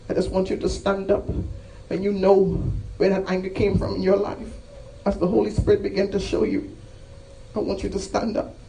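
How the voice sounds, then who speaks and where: This high, creaky, mellow male voice belongs to a preacher urging people toward the altar, repeating himself passionately and building to emphatic cries. He sounds distant from the microphone, with slight background noise.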